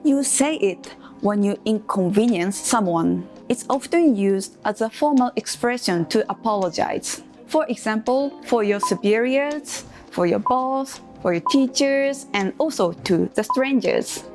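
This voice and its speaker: A woman teaching beginner phrases in English, speaking clearly and carefully and leading slow repeat-after-me drills. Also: a little high, expressive, music in the background. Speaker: Japanese language teacher. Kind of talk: scripted language lesson for beginners.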